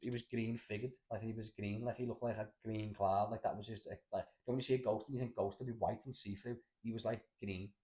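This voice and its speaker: A man's voice: on the low side, steady tone, quick pace, few pauses, dark tone, husky. A young man with a Scouse accent, telling rambling, sweary stories with lots of restarts in a casual podcast chat. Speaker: podcast host.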